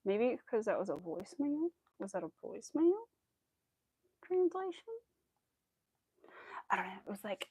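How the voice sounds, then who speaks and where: Young woman, casual streamer, rambling chat with fillers, mid pitch, dry close mic. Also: sing-song, moderate pace, long pauses, mellow, husky, dry recording. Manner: chatty, rambling, many fillers. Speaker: crochet streamer.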